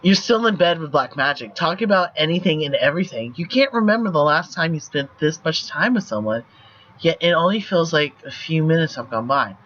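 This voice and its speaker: Bright-voiced man reading a story game. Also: fairly high pitch, a little fast, muffled recording. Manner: laughs often, reads the story text in an even narrating tone. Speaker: streamer reading an interactive story game aloud. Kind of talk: casual livestream chat and read-aloud narration.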